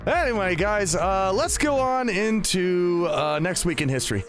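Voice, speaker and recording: Male podcast host, high voice, loose rambling chat, quick to laugh. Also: expressive, faint music behind. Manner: chatty, laughs often, rambling restarts.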